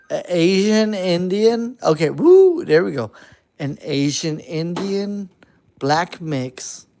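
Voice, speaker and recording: A man giving a heated, profane late-night rant, swinging between shouting and muttering. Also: sits high. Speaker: vlogger.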